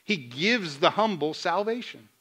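A man preaching a sermon as pastor, asking the congregation questions and retelling scenes in lively dialogue. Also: high voice, a little slow, breathy edge. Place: church sanctuary.

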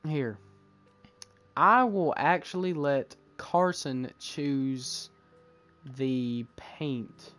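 Young man, gameplay host, casual let's-play commentary, joking, slangy, middle pitch. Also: drawn-out words, fairly bright tone, faint music behind. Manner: joking, banter-filled, slangy.

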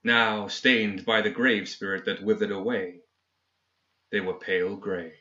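A man narrating a dark fantasy story in a steady, dramatic storytelling manner. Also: on the low side, unhurried. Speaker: audiobook reader. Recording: dull lo-fi recording.

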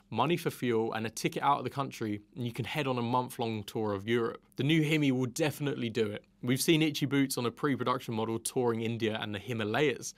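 A man giving an upbeat, scripted motorcycle review, reeling off specs at a brisk clip. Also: medium pitch, a bit bright.

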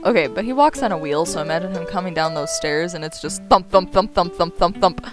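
A woman's voice: on the low side, brisk, music in the background, rough recording. A woman casually commentating while playing a video game, sarcastic and sweary. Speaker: gamer. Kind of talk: let's play commentary.

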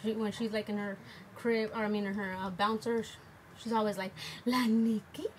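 A woman's voice: medium pitch, a little fast. A woman casually walking through a makeup tutorial at home, rambling with lots of fillers. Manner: relaxed, rambling, with many fillers. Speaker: makeup vlogger. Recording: noticeable background noise.

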